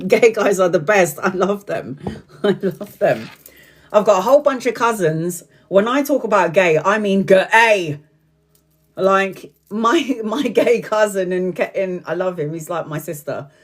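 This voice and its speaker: A chatty woman hosting a live tarot reading, laughing often as she goes. She slows down and draws out her words when she wants to stress something, in a voice of ordinary middle pitch. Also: expressive. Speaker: tarot reader.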